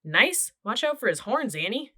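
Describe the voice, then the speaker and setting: A woman's voice: on the high side, big pitch swings, moderate pace, pushed and bright, pitched above the performer's own voice, heavily acted. A woman doing a cautious bookish young boy. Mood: urgent. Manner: urgent, warning, earnest.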